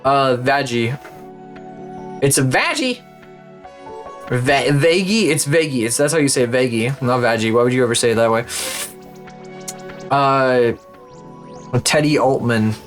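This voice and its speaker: A man's voice: mid-range voice, lively intonation, a little slow, pauses often, a bit bright, soft background music. A young man streaming live, commenting as he plays, swearing often and mumbling names aloud as he guesses.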